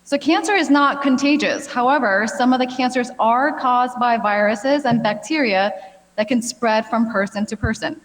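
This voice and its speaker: A woman's voice: on the high side, moderate pace. A woman in her thirties, a gynecologic oncologist giving a friendly, chatty health talk with a lot of fillers. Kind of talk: health expo presentation. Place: large hall. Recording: long hall reverb.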